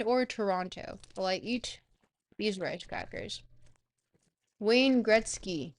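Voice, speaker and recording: Reading and answering viewer questions on a live stream, a young woman rambles in casual conversation. Her mid-range voice moves slowly with long pauses.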